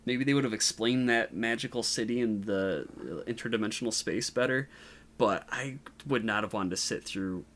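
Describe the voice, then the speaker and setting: A man's voice: on the low side, moderate pace, a bit bright. A man co-hosting a casual movie review podcast, rambling with frequent fillers and restarts. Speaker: podcast co-host.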